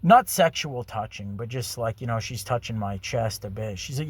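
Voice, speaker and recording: A man's voice: lowish voice, normal speed, hardly any pauses, husky. Rambling crude male storyteller. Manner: rambling, filler-heavy, crude. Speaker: vlogger. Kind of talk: storytelling monologue.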